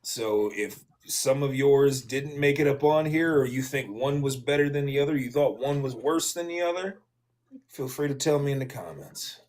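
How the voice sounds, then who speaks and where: A man's voice: mid-range voice, normal speed, a little mellow. A man on a wrestling talk panel, promoting his channel in an easygoing, joking way. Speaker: panelist and YouTuber. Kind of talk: casual panel chat.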